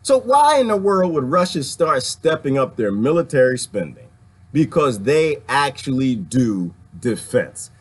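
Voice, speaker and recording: A man vlogging, preaching his views straight to his viewers in an animated, ranting commentary. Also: medium pitch, breathy edge.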